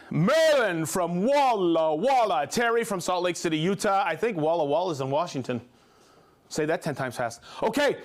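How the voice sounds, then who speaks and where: A male host on a live stream runs through viewer shout-outs with plenty of energy. His voice sits high and swings widely in pitch, and he sounds excited throughout. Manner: upbeat, excited, calls out viewer names. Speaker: livestream host.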